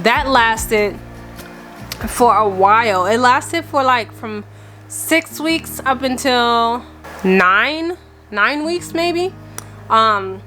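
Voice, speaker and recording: A woman's voice: a little high, bright, forceful tone. A woman in her thirties talking candidly and casually in a vlog, a little out of breath and laughing now and then. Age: 30s. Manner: chatty and candid, laughing often. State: slightly out of breath. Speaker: family vlogger.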